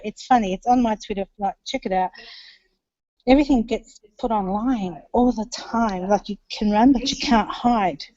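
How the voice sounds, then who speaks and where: Australian woman, chatty storyteller, mellow tone, dry muffled web-call sound. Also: a little high, no echo. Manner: chatty, laughs while telling stories. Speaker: conference attendee reporting back. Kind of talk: casual chat on a video call. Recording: dull lo-fi web call audio.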